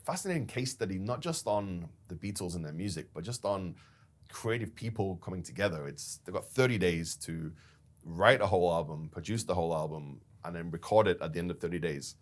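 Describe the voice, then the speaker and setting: Deep-voiced man telling a story. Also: brisk. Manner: storytelling, animated retelling with laughs. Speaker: company founder and podcast co-host. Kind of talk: casual business chat.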